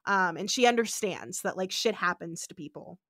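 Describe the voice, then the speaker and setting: A woman's voice: lowish voice, normal speed, dry recording. A young woman co-hosting a podcast, recapping an episode in a chatty way, full of "like" fillers. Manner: animated, full of "like" fillers, jumps into voices. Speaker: podcast co-host.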